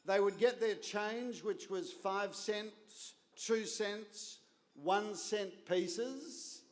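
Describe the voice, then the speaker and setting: An Australian man in his fifties tells a story at a gala dinner, slow and deliberate, landing each wry line with comic timing. His voice sits fairly high, and a long reverb from the big banquet hall trails every phrase. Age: 50s. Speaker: guest speaker at a gala dinner. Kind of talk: humorous storytelling speech.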